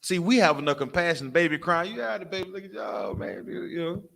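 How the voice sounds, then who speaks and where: Forceful, fiery preaching man. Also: fairly high pitch, brisk, creaky. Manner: profane, rhetorical questions, call-and-response; animated, mimics crying and barking for laughs. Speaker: preacher of a religious camp. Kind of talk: fiery street-style sermon.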